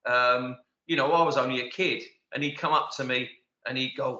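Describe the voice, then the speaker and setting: Man in his sixties, very bright roomy sound. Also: mid-range voice, steady tone, a little fast. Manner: chatty, warm recollection with fillers. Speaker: podcast guest. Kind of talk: casual reminiscing chat. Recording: roomy, dull remote audio.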